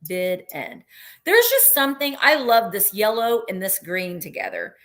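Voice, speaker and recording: Bright, chatty woman selling live. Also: mid-range voice, big pitch swings, unhurried. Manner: chatty and rambling, counting down bids. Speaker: live sale host. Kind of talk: live online sales chat.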